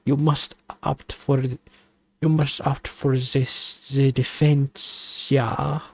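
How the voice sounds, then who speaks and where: Give voice to a zesty, bossy man with a thick put-on German accent , as a streamer does the voice. He talks slowly, in stiff formal sentences, and demands that things get done. The recording is dry and close, with no room sound. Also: medium pitch, little pitch movement, gravelly, darkish tone, no echo. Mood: insistent. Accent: mock German. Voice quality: slow, mock-formal and bossy.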